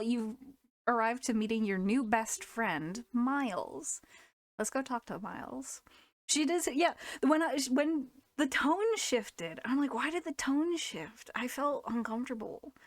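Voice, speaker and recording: A woman's voice: a little high, expressive, measured pace, no echo. A woman streaming live, chatting casually, laughing often and restarting her sentences.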